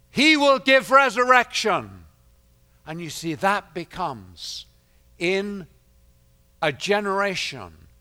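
A man delivers a sermon in a high, bright voice, taking his time over every phrase. He drops to a hush, then climbs to loud, ringing declarations, repeating key lines for emphasis. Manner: swings from quiet to loud and emphatic. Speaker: preacher.

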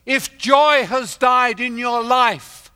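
A man preaching a sermon who swings from quiet, measured talk to loud, emphatic declarations, often repeating phrases for effect. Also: very high voice, smooth.

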